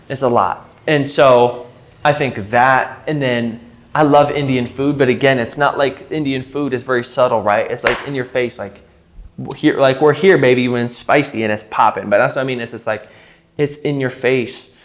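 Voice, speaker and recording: A man talking casually to camera in a vlog, rambling and leaning heavily on filler words. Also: medium pitch. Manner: rambling, heavy use of filler "like". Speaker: vlogger. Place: rented house.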